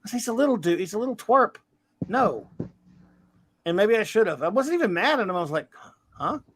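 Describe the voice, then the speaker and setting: A man in his fifties with a rather high voice, hosting a laid-back podcast. He rambles through stories with blunt, crude humor. A faint hiss sits under his voice. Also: very animated, brisk, fairly bright tone, poor audio. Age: 50s. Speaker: podcast host. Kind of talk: casual chat.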